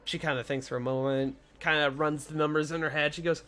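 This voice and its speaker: Relaxed woman narrating as game master. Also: sits low, faint music behind. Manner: relaxed, halting narration with fillers.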